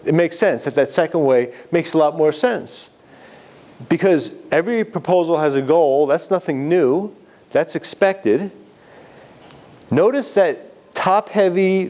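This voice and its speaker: A man's voice: fairly high pitch, a little slow, a little mellow. A man teaching a class on writing, talking conversationally and putting questions to the audience. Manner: conversational, self-correcting, asks the audience questions. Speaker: writing instructor. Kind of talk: lecture to students.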